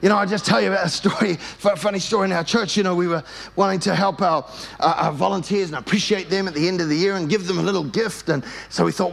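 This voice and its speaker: A man's voice: high voice, fairly even intonation, quick pace, gravelly. A male pastor preaching a sermon at a church service, telling stories with animation and leading the congregation in call-and-response.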